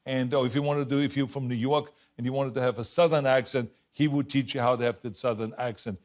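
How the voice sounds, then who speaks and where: A man from Austria with a strong Austrian German accent, telling stories as an interview guest in an animated, emphatic way with frequent laughs. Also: mid-range voice, fast. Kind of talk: casual storytelling interview.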